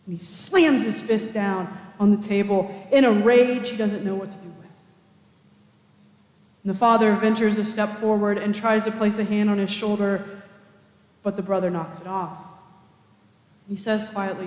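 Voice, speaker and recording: A man's voice: high-pitched, moderate pace, a little mellow. A man preaching a storytelling sermon in a conversational style with casual asides, in a cathedral. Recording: echoey cathedral reverb.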